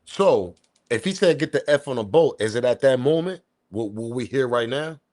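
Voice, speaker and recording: A man hosting a commentary channel, talking in a casual, slangy, animated way and repeating his points. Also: mid-range voice, moderate pace. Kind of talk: casual commentary on audio clip.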